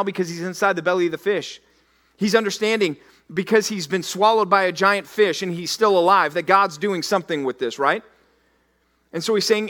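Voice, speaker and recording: A male pastor with a notably high voice preaches with dramatic force. He repeats lines as he voices scripture in the first person, then drops to hushed, slow emphasis. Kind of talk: sermon.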